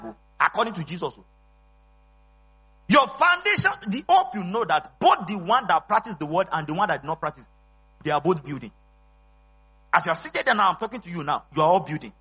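Emphatic male pastor, lively high voice. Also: breathy edge. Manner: emphatic preaching with call-and-response and rising shouts. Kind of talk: sermon. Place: church service. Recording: dull lo-fi recording with mains hum.

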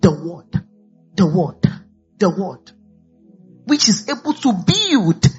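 A woman's voice: fairly low pitch, big pitch swings, takes it slowly, darkish tone, slightly rough. Woman pastor preaching. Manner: preachy, peppered with hallelujahs and glory to God. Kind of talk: sermon. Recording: dull lo-fi recording with faint music.

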